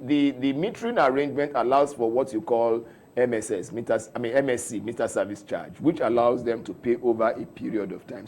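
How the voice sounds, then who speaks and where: A middle-aged Nigerian man with a Nigerian English accent, a company spokesman explaining policy in a measured radio interview. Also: mid-range voice, darkish tone, a little hiss or hum. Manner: measured, explanatory, many restarts. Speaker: head of corporate communications, studio guest.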